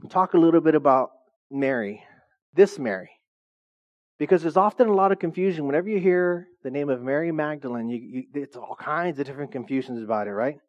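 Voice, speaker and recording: A man's voice: fairly high pitch, lo-fi sound. A man preaching a sermon as pastor, reading scripture and slipping in joking asides to the congregation.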